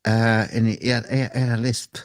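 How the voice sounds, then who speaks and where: A man's voice: mid-range voice, level tone, fast talker, no room sound. A man co-hosting a casual chat, reading out viewer comments with an easygoing, hesitant manner. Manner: easygoing, dry, hesitant with fillers.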